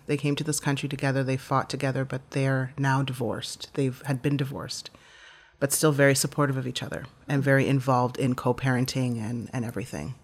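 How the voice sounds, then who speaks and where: A woman guest telling a personal story in a heartfelt, vivid way, often restarting her phrases. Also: extremely low pitch.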